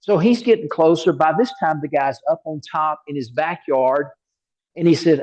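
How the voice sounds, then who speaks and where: Male preacher, sermon, slightly raised pitch, animated storytelling, repeats words for emphasis, muffled lo-fi sound. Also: moderate pace.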